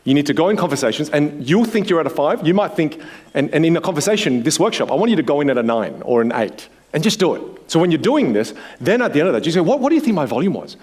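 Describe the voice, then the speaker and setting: Lively male communication coach. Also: a little high, quick pace. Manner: animated, acts out quoted voices. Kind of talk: workshop coaching. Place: workshop room.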